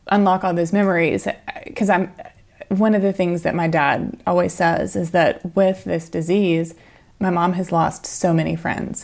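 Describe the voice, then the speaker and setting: A woman's voice: on the low side, gravelly. A woman chatting casually and sympathetically as a podcast guest. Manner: warmly agreeing, sympathetic. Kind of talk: casual conversation.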